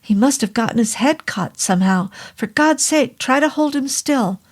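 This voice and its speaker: A woman's voice: high voice, lively intonation, moderate pace, voice pushed up. A woman voicing a male doctor who barks urgent orders during an emergency.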